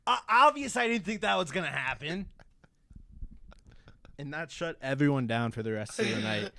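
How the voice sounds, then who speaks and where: A man's voice: on the high side, lively intonation, moderate pace, vocal fry, pushed and bright. A young man in his twenties co-hosting a podcast, telling profane, ranting stories in casual chat. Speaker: podcast co-host.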